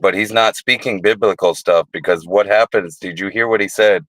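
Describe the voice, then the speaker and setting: A man's voice: on the low side, moderate pace, fairly bright tone, no echo, low-quality recording. A man hosting a casual livestream, telling rambling, profane stories. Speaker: livestream host.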